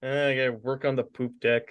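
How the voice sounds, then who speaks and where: A man's voice: medium pitch, bright, forceful tone, smooth, dry recording. A man co-hosting a podcast, chatting casually and joking with many fillers. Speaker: podcast co-host.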